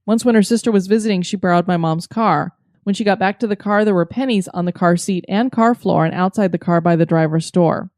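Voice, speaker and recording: A woman co-hosting a podcast, reading listener stories in a steady, matter-of-fact way and chatting. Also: lowish voice, a little fast, dry recording, clean studio sound. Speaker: podcast co-host.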